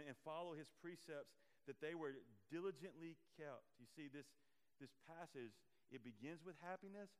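Earnest preacher. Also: male voice, a little high, in a large hall. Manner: earnest, rising and falling emphasis with repeated phrases. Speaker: pastor. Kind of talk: sermon.

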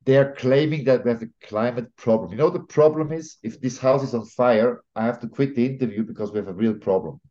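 A man from Switzerland, speaking as a guest on an interview podcast in an emphatic, opinionated way, often pausing with fillers and restarting sentences. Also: medium pitch, warm tone. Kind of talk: conversational interview. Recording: slightly dull lo-fi audio.

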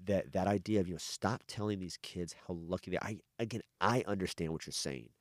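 A man's voice: low-pitched, brisk, no room sound, studio quality. A middle-aged man, an adoptive father, talking candidly and rambling in a casual podcast conversation. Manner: candid, rambling, frequent restarts and swearing.

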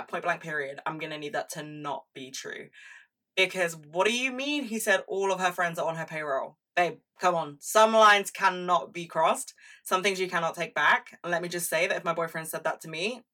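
Young woman vlogger, dramatic sweary chat, bright tone, slightly distant mic. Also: fairly low pitch. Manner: chatty and dramatic, heavy swearing, frequent asides. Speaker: pop culture vlogger. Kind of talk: casual chat.

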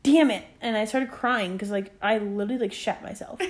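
A woman's voice: mid-range voice, brisk. Chatty young woman telling stories. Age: 20s. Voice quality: chatty, peppered with "like" and acted quotes. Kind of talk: casual chat.

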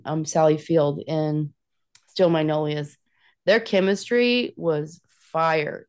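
A woman's voice: deep voice, a little mellow. A woman co-hosting a podcast, chatting casually and enthusiastically about films, sometimes slipping into playful accents. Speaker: podcast co-host. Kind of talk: casual film discussion.

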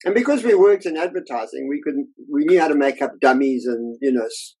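Husky older man telling career stories. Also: a little high, brisk, rough recording. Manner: lively anecdotal, acts out quoted voices. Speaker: illustrator being interviewed. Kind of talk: casual interview storytelling.

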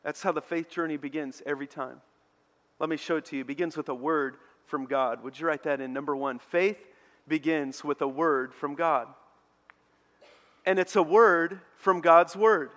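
A man preaching a sermon as a pastor, telling a story with animated energy. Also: fairly high pitch, normal speed. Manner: animated storytelling preacher, mocking shouts in quoted lines. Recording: long hall reverb.

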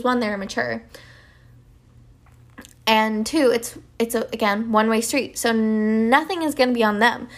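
Young woman, podcast host, rambling casual talk, filler-heavy, slightly high voice. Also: a bit bright. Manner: rambling, many "like" fillers and restarts.

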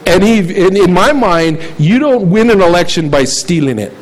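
Man, high voice, pastor preaching, fervent, conversational, repeats himself. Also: expressive, normal speed, low-quality recording. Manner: conversational, fervent, repeats words while searching. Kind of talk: sermon.

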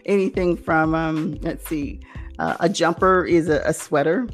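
An American woman, a podcast guest, talking casually with many pauses and fillers and frequent laughter. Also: low-pitched, soft background music. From United States. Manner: hesitant, many ums, laughs often.

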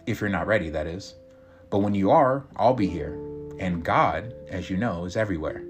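A man reading a story voices a calm, patient priest who talks in a gentle, reassuring way. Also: low voice, moderate pace. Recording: guitar music behind.

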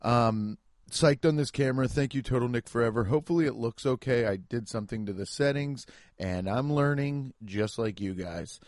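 A man's voice: mid-range voice, normal speed, a little mellow, no room sound, clean studio sound. A man who is a stand-up comedian, chatting casually and self-deprecatingly on his podcast from home. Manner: rambling, jokey, self-deprecating.

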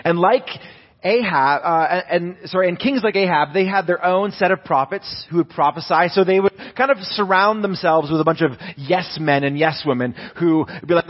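A man's voice: sits high, fairly quick, muffled recording. A young man, a pastor, preaching a sermon in a conversational storytelling way, with many restarts.

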